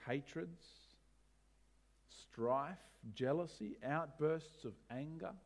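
A man preaching a sermon as pastor, animated, asking rhetorical questions with wry humor. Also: on the high side, slow pace.

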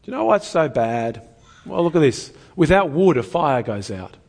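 Man preaching, kinda husky, voice goes up and down a lot, asks lots of questions. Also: fairly high pitch, very animated, normal speed, a little mellow. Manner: earnest, conversational, with rhetorical questions. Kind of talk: sermon.

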